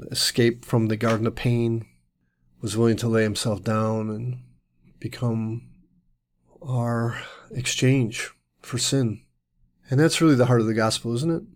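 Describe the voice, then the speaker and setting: A man's voice: medium pitch, darkish tone. A man giving an earnest Bible teaching, explaining the text at length and often restarting his phrases. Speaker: Messianic teacher.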